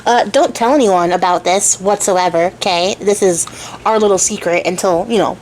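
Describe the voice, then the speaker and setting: A woman's voice: medium pitch, normal speed, a little mellow, slight background noise, voice pushed down, lightly acted, poor audio. A woman voicing a scheming king who speaks in a matter-of-fact, offhand way. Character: cold, scheming adult male king.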